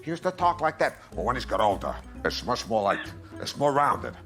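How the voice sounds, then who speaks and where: A man's voice: medium pitch, very animated, brisk, over loud music. Playful man jumping between voices. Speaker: talk show guest. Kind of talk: talk show impressions.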